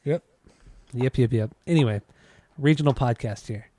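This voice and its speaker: A man's voice: medium pitch, normal speed, mellow, dry recording. A man co-hosting a podcast, bantering in a laid-back way with casual swearing. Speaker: podcast co-host.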